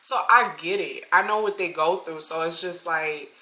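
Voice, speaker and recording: A woman in her twenties telling a story-time tale to her viewers, animated and talking straight to them. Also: lowish voice, normal speed. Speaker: vlogger. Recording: roomy echo.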